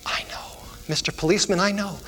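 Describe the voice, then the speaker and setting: A preacher voicing a lost, crying five-year-old girl in a story, pleading in a high, tearful voice. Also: expressive, a little fast, fairly bright tone. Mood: hushed hope. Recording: echoey hall, faint music.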